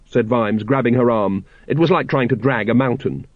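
A man narrating an audiobook in an expressive, character-driven reading. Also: medium pitch, normal speed, few pauses, no echo. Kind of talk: scripted narration. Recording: dull, lo-fi audiobook recording.

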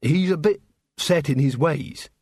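A man voicing an honest, earnest young male constable who talks calmly and cheerfully. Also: on the high side, unhurried, husky, dry recording, studio quality.

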